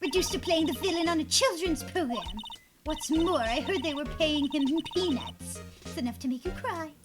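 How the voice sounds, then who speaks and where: A woman's voice: high-pitched, normal speed, natural voice. A woman voicing a gossipy, meddling old woman security guard while reading game dialogue aloud, scolding and self-important. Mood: scolding gossip. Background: game music.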